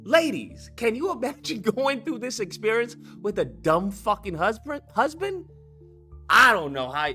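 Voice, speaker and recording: Young male streamer host, lively swooping delivery, bright tone, profane and excitable, faint music behind. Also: very high voice. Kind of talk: casual chat to viewers.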